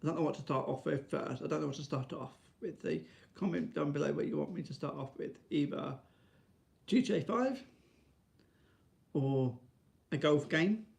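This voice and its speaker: A man's voice: fairly even intonation, a little fast, gravelly, hardly any pauses, a little mellow. A man rambling to camera in a casual vlog, restarting often and tagging lines with "right?". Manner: high sing-song baby talk to his dog. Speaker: vlogger.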